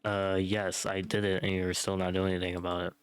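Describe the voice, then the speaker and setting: A man's voice: deep voice, level tone, a little fast, clear, resonant tone, no echo. A male streamer taunting and swearing crudely in casual trash talk.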